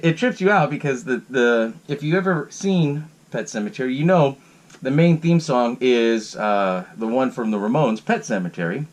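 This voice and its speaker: A man hosting his own podcast, giving a casual, rambling recap of a horror film, swearing freely and laughing between sentences. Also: a little high. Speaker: podcast host. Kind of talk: casual solo movie recap.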